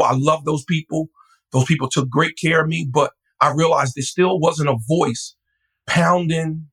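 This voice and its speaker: Husky-voiced pastor guy telling his story, lively, gets animated. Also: poor audio. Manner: animated, jumps to a high voice when quoting his friend. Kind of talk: storytelling in an interview.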